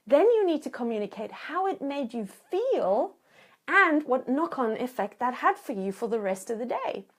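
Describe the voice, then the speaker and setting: A woman, a relationship coach giving an animated teaching talk and acting out the voices she quotes. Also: high-pitched, moderate pace.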